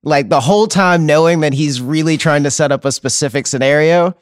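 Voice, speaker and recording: A man's voice: fairly high pitch, fairly quick, clear, resonant tone, dry recording, clean studio sound. A man chatting as a podcast guest, rambling with fillers and frequent laughs. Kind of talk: casual chat.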